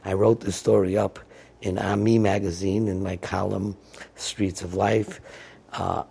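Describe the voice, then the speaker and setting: A man telling a moral story as a sermon, acting out the dialogue with an animated voice. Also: low-pitched, creaky, husky. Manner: animated, dramatizes dialogue with raised voice. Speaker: storyteller and columnist.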